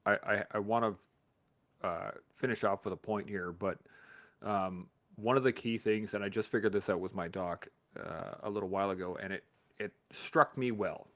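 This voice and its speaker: A man from Canada hosting a live stream, telling a profane, animated story in a casual motivational way, laughing often. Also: lowish voice, normal speed.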